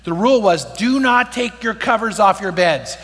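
Middle-aged preacher, high bright voice, storytelling sermon style, long reverb from a church hall. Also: male voice, animated, moderate pace. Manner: storytelling with rhetorical questions to the congregation. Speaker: pastor.

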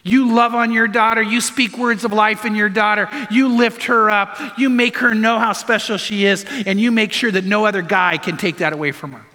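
A man's voice: high-pitched, steady tone, moderate pace, few pauses, pushed and bright. A man preaching a sermon, telling stories and urging his listeners with repeated, earnest commands. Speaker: pastor. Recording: long hall reverb.

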